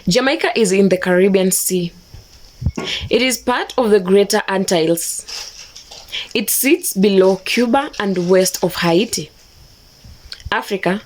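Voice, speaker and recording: A woman narrating a scripted explainer in a measured, matter-of-fact way. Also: medium pitch, a little hiss or hum, rough recording.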